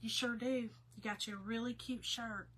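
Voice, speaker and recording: A woman's voice: a little high, steady tone, normal speed, fairly bright tone, husky. A woman, chatting folksily to viewers during a casual craft tutorial and laughing often. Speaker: craft vlogger.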